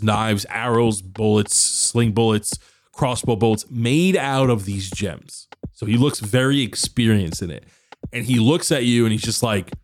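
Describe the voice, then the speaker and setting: A man's voice: medium pitch, a little hiss or hum. Man running a tabletop game. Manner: loose, chatty narration with many fillers. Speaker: dungeon master.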